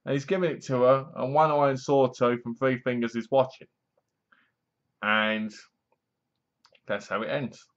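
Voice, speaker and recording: A man talks through a horror film review in a loose, rambling way. He is frank and sometimes trips over his words. His middle-pitched voice comes through a slightly muffled, lo-fi recording. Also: steady tone, unhurried, pauses often. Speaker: movie reviewer. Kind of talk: casual spoken review.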